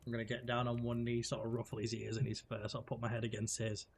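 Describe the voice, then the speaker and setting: A man's voice: medium pitch, monotone, quick pace, vocal fry, hardly any pauses, a little hiss or hum. Easygoing man playing a character. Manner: describes his character's actions in first person. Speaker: player. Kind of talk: casual tabletop play.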